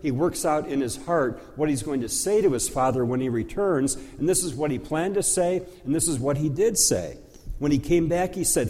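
A pastor explaining a church liturgy in a slow, conversational teaching style, with occasional fillers. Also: male voice, a little high, dark tone. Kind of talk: teaching sermon. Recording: long hall reverb.

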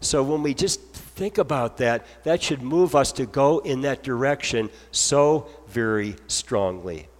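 A man's voice: mid-range voice, measured pace, few pauses, big-room sound. A man preaching an earnest sermon as pastor, moving from scripture into heartfelt spoken prayer.

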